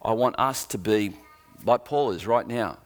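A man's voice: fairly low pitch, measured pace. A man with an Australian accent, preaching a sermon as a pastor in an earnest, conversational way with joking asides.

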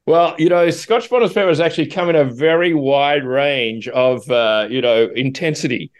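A man's voice: medium pitch, moderate pace. A middle-aged man with an Australian accent, answering interview questions in a hesitant way with many fillers. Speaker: guest, hospitality business owner.

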